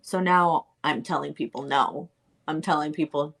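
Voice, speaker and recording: A woman with a lowish voice speaks as a guest in a casual live-streamed chat. She talks openly and plainly about herself, in an easy conversational way. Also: moderate pace, vocal fry. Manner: open, candid, talks freely about herself.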